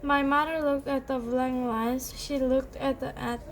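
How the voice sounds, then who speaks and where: A woman reads a children's storybook aloud, plain and unhurried. Her voice sits high and she takes her time, with a faint hum behind her. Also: level tone. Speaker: reader.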